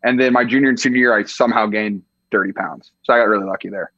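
Fast-talking young man, casual. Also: fairly low pitch, fairly even intonation, no room sound, lo-fi sound. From Iowa, US Midwest. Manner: laid-back, peppered with "like" and "dude". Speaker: podcast guest, tight end. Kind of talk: casual chat.

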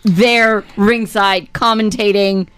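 A woman's voice: mid-range voice, fairly even intonation, slow pace, fairly bright tone, clear, resonant tone, no echo. A woman co-hosting a morning radio show, chiming in with interested remarks. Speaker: radio co-host. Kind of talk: casual radio banter.

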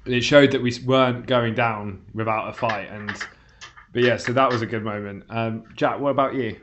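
A man with a voice of ordinary pitch hosts a relaxed fan podcast. He muses over past matches. He hands the talk on to his co-hosts. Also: moderate pace, muffled recording, noisy background. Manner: reflective, steers the conversation. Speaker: podcast host. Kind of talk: casual fan podcast chat.

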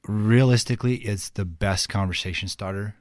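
A young Ukrainian man with a Ukrainian accent, a guest in a casual interview, tells stories animatedly, acting out the people in them and laughing often. His voice is on the low side at a moderate pace, recorded cleanly in a studio with no echo.

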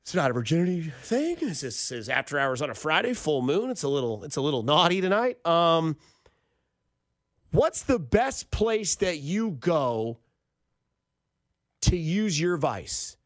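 Animated high-voiced radio host. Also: male voice, unhurried, dry recording, studio quality. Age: 30s. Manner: animated storyteller, jokey, puts on voices. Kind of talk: casual late-night radio chat. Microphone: studio microphone.

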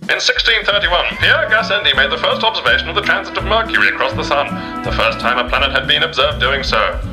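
A grand old-timey radio announcer , as a man puts him on, declaims each date with lifted, swinging pitch. The voice sits higher than his own and bounces through every line. Music plays clearly underneath. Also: expressive, quick pace, rough recording. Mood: grand, announcing. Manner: heightened, declaiming announcer delivery.

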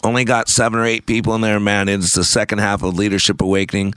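A man's voice: on the low side, level tone, fast talker, fairly bright tone, smooth, no echo. A man hosting a radio show, talking in an emphatic, repetitive, sermon-like way. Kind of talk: preachy talk radio monologue.

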